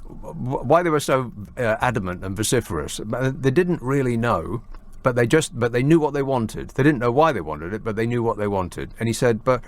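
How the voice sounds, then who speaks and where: A man's voice: mid-range voice, lively intonation, normal speed, few pauses. A man hosting a late-night phone-in radio show, talking in a sardonic, mocking way.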